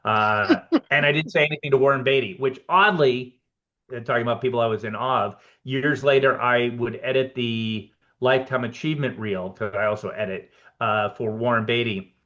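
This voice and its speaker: A man in a casual podcast interview tells stories in a lively way, often acting out what each person said. His voice sits at an ordinary middle pitch. The recording is slightly dull and lo-fi. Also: moderate pace. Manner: animated anecdotes, reenacts conversations with "I'm like". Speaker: guest, production designer.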